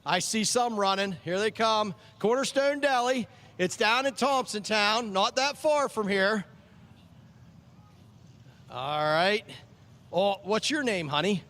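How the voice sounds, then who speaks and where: Taking things slowly with long pauses, this man speaks in a high, slightly bright voice. As the track chaplain at an outdoor speedway, he hands ice cream vouchers to kids and jokes with them over the PA, repeating their names back.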